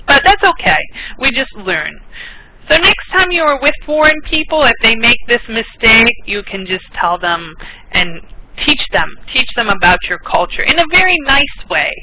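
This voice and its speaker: A woman's voice: a little high, moderate pace, poor audio. An American woman teaching an online English class, patient, repeating words and laughing often. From United States. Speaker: English tutor. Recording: steady background noise with clicks.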